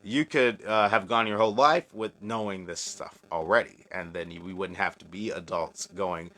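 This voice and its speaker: A man's voice: low-pitched, a little fast, hardly any pauses, bright, forceful tone. Joking man with a slight country twang. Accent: slight American country. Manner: loose and joking, swears, laughs often. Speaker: livestream host answering chat. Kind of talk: casual live chat.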